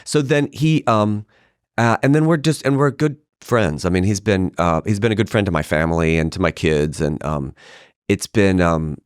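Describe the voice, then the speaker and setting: A middle-aged male actor guesting on a podcast, telling stories in a lively, casual way and acting out what other people said. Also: deep voice, normal speed, smooth, no echo, studio quality. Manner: animated storyteller who acts out quoted voices. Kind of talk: casual anecdotal storytelling. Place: podcast studio.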